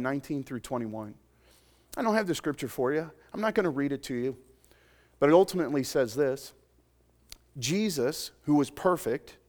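A man preaching a sermon to a congregation, conversational and joking, swinging from loud emphatic points to soft, intimate asides. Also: on the high side. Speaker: pastor.

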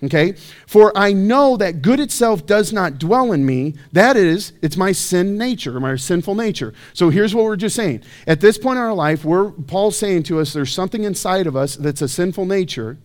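Male pastor, fairly high voice, casual preaching full of rhetorical questions. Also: animated, normal speed. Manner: conversational, self-deprecating, rhetorical questions. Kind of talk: sermon. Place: church.

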